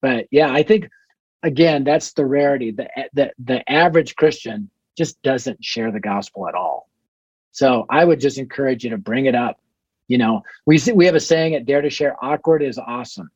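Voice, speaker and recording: Man, husky voice, dry close sound, dull muffled audio, energetic anecdotes, podcast guest. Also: mid-range voice, moderate pace, no echo. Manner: energetic storyteller acting out conversations. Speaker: guest, youth ministry leader. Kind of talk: podcast interview answers.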